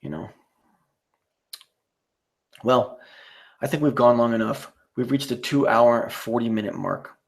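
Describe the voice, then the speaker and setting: A man's voice: mid-range voice, measured pace, creaky, pauses often. A man hosting a live stream, reading out chat messages and signing off in a rambling, profane way with many fillers.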